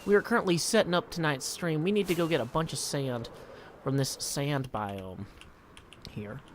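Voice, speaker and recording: A man's voice: on the high side, normal speed, a little hiss or hum. A man casually chatting on a live stream while he plays, joking and reading viewer messages aloud.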